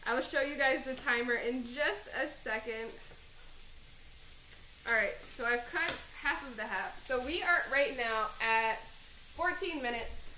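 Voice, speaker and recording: Chopping onions in her home kitchen, a woman hosts a live cooking stream, teary-eyed, chatting, rambling and laughing at herself. Her voice sits high and sharp at a measured pace. The poor recording is reverberant with slight background noise.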